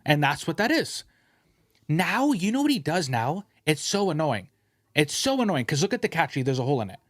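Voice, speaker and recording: A man hosting a podcast in a studio, rambling through stories in a casual, profane, animated way. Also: on the high side, a little fast, no echo. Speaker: podcast host.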